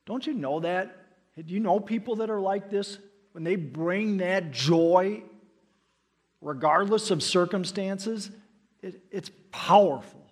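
A middle-aged man delivers a sermon in a somewhat husky voice pitched a little high. He tells stories from the pulpit, pushing some phrases out loudly and dropping others almost to a murmur. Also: slow pace. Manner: storytelling with sudden loud and hushed swings. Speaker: pastor.

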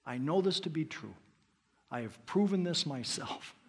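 A middle-aged man delivers a sermon in a somewhat husky voice pitched a little high. He tells stories from the pulpit, pushing some phrases out loudly and dropping others almost to a murmur. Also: lively intonation, moderate pace. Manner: storytelling with sudden loud and hushed swings. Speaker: pastor.

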